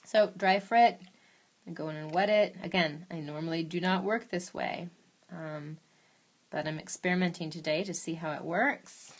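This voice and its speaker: A woman's voice: on the low side, normal speed, a little hiss or hum. A woman demonstrating a glass craft in her studio on a live stream, chatting casually, thinking aloud and answering viewer questions as she works.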